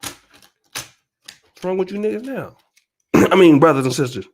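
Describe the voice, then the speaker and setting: A man's voice: sits high, expressive, takes it slowly. A man hosting his own channel, ranting at viewers in an emphatic, profane, repetitive, preachy way. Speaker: channel host.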